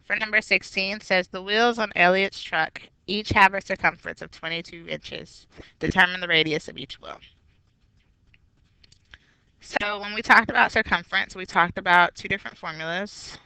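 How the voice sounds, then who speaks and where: A woman's voice: mid-range voice, moderate pace, sharp tone, smooth, dry recording. A woman math teacher walking through a geometry review step by step, patient and explanatory. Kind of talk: recorded geometry review lesson.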